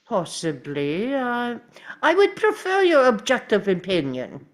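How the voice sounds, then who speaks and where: A fastidious, courteous male detective, read by a woman at a table read. He speaks slowly and precisely, and his pitch rises and falls a lot. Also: huge pitch swings. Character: fastidious polite male detective, middle-aged.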